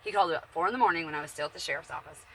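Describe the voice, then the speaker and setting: A woman's voice: low voice, very fast, a bit bright, a little hiss or hum. A woman in her forties, chatting bluntly and profanely from her bedroom in a casual, rambling monologue. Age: 40s. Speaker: vlogger.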